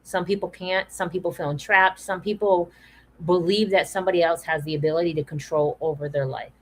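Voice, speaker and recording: A woman's voice: on the low side, fairly even intonation, fairly quick, poor audio. A woman hosting a discussion, talking earnestly and repeating phrases for emphasis. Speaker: podcast host. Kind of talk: earnest awareness talk.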